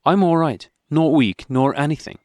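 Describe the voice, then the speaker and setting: A man's voice: a little high, normal speed, a little mellow, no echo, studio quality, voice pushed up, natural voice. A man voicing an upset, insistent young wife. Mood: indignant. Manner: pleading, indignant. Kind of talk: audiobook character reading.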